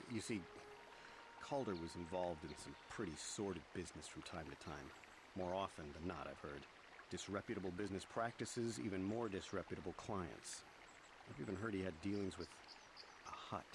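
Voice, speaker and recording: A man's voice: normal speed, noisy background. An actor playing a nervous, defensive middle-aged man questioned about a murder in a video game. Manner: defensive, agitated, lively pitch.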